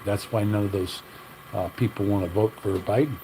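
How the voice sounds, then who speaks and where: A man's voice: fairly low pitch, fairly even intonation, normal speed, mellow, slight background noise, low-quality recording. Blunt older man ranting on a livestream. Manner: blunt, opinionated, rambling. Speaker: livestream host. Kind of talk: casual livestream rant.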